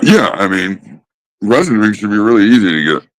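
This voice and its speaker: A man ranting casually about smoking habits, swearing constantly and mocking others with drawn-out pauses. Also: lowish voice, very animated, poor audio. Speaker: host. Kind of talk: casual profane rant.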